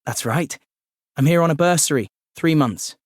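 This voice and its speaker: A man's voice: on the high side, normal speed, no room sound, clean studio sound, voice pushed up, natural voice. Man reading a courteous, slightly unsure young Englishman, audiobook. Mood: polite. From England. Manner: polite, apologetic. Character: polite young Englishman new in town.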